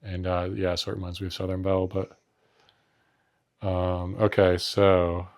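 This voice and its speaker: A man's voice: low-pitched, completely flat delivery, a little slow, a little mellow. A man co-hosting a casual podcast chat, rambling and laughing easily, often losing his train of thought. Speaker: podcast co-host.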